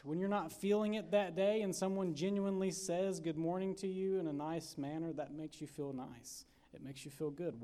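Folksy chatty pastor. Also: male voice, a little high, darkish tone. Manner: folksy, chatty, full of fillers and acted-out asides. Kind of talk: casual storytelling sermon. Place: church sanctuary.

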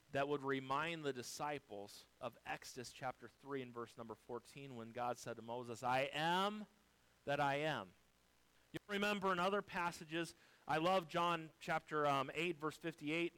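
A male pastor preaching a sermon, swinging from quiet, low passages to loud, high-pitched exhortations. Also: smooth, no echo, poor audio.

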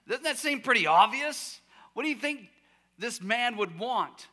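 A man preaching a sermon as pastor, telling the story with lively acted-out voices and shouted cries, sometimes dropping to a near-whisper. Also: sits high, measured pace, pauses often. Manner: drops to a soft near-whisper at quiet moments. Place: church sanctuary.

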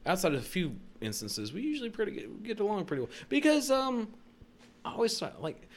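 A young man co-hosting a podcast, telling profane stories in casual chat and shouting out the lines he quotes. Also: sits high, sing-song, a little fast. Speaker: podcast co-host.

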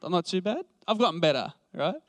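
A man's voice: sits high, animated, fairly quick, a bit bright. A man, preaching a conversational sermon with passion, thinking aloud with restarts and fillers. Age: late 20s.

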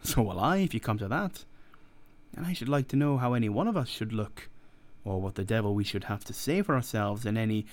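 A man's voice: fairly low pitch, expressive, brisk, close to an everyday voice. A man voicing a cool, sneering young doctor in an audiobook reading, worldly and dismissive.

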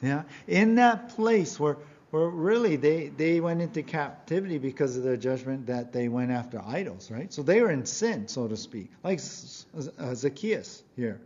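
A man's voice: fairly high pitch, expressive, moderate pace, a little mellow, lo-fi sound. A man preaching a sermon as pastor, earnest and emphatic, often asking his listeners questions.

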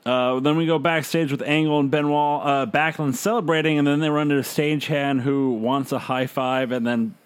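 A man's voice: a little high, level tone, normal speed, few pauses, smooth. A man hosting a podcast, casually recounting events with frequent "uh" fillers. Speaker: podcast host recapping wrestling. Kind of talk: casual recap chat.

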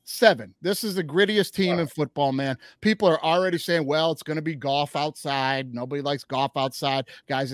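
A man hosting a sports podcast, talking up his team with loud, trash-talking fan energy. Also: fairly high pitch, no room sound, clean studio sound. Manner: hyped, trash-talking Detroit Lions fan. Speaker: podcast host. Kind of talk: casual sports betting chat.

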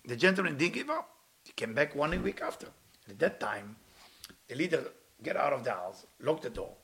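A spiritual teacher delivers a storytelling sermon in a mid-range, creaky, slightly bright voice with big pitch swings and a moderate pace. He is earnest and at times rises to impassioned pleas, speaking English with non-native grammar. Slight background noise can be heard.

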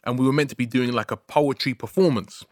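A man co-hosting a podcast, telling a story in a casual, animated way. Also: mid-range voice, quick pace, no room sound, clean studio sound. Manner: animated storyteller, frequent "you know what I mean". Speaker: podcast co-host.

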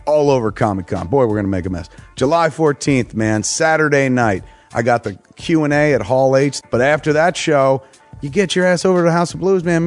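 A middle-aged man casually reading promo spots for his own shows, loose, crude and joking. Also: on the high side. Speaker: podcast host reading promos.

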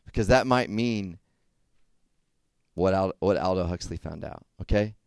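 A man's voice: lowish voice, moderate pace, darkish tone, clean tone, no room sound. A young man giving a casual sermon to a group, talking conversationally and checking in with frequent questions. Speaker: youth speaker.

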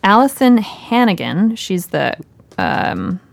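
A woman co-hosting a comedy podcast, running a quiz game and telling stories in a deadpan way. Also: mid-range voice, slow pace, vocal fry, no echo. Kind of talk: casual comedic chat.

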